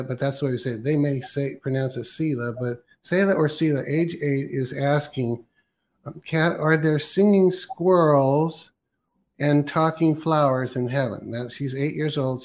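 A man's voice: medium pitch, darkish tone, slight background noise. A man in his sixties co-hosting a Christian talk show, musing aloud and often restarting his sentences. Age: 60s. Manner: musing, with many restarts and fillers. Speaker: co-host.

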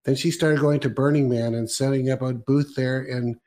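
A man's voice: medium pitch, steady tone, normal speed, mellow. A man hosting a casual conversation, chatting and recapping a story in a conversational way. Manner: conversational, laughs along, recaps. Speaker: host. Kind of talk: casual chat.

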